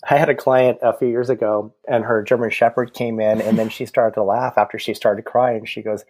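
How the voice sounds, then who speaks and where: A man's voice: on the low side, level tone, a little fast, darkish tone, no room sound. A man working as a medium, a podcast guest telling stories in a chatty way over a video call from home, often repeating his words. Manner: chatty storyteller, frequent repetitions. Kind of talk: casual conversation.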